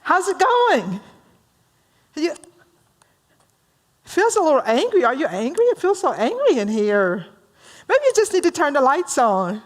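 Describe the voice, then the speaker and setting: A woman's voice: high-pitched, wildly swooping pitch, measured pace, pauses often, pitched above the performer's own voice, exaggerated voice. A woman voicing a chatty, sensitive male office clerk who rambles anxiously and is eager to please. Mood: fretful.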